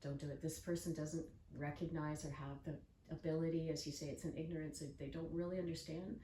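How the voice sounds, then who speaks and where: A woman's voice: deep voice, steady tone, fairly quick, dark tone. Older woman talking from across an echoey room. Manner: earnest, storytelling, acts out quoted voices. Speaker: host. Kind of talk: casual interview chat. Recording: echoey room from far off with faint noise.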